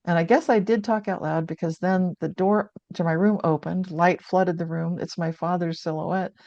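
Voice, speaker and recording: A woman's voice: lowish voice, steady tone, normal speed, dark tone, no echo. An older woman telling a personal story as a guest author, earnest and reflective, often restarting her sentences. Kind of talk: conversational storytelling. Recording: dull lo-fi sound.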